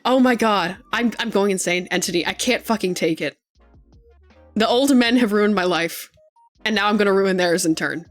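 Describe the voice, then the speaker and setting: A young adult woman streamer in casual live-stream chat, excitable and gushing, laughing often and swearing freely at a desk microphone. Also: mid-range voice, moderate pace, faint music behind.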